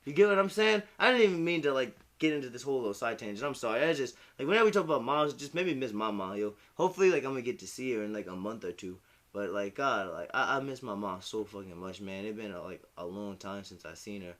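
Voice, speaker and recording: A man's voice: medium pitch, animated, fast talker, fairly bright tone. A young man in casual chat as a streamer, rambling, heartfelt and profane. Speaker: hip-hop commentary streamer.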